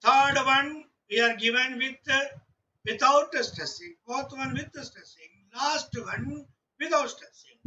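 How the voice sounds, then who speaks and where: Slow, high-voiced teacher. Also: male voice, sharp tone, distant mic, muffled recording, slight background noise. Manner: slow, patient, sounding out letters one by one. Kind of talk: online class lesson.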